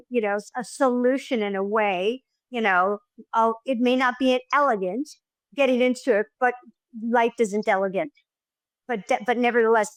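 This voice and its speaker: In a dry, rough recording, a middle-aged woman with a fairly high voice is interviewed conversationally as a filmmaker guest. Her stories come alive through acted-out quotes, though she frequently restarts.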